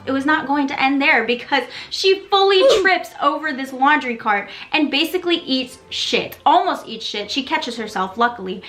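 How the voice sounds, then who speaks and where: A young woman recaps a TV episode in a playful, gossipy way, with sassy asides. Her voice sits a bit high and sounds bright and forceful. Soft music plays behind her. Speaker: video creator recapping a TV episode. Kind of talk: casual recap commentary.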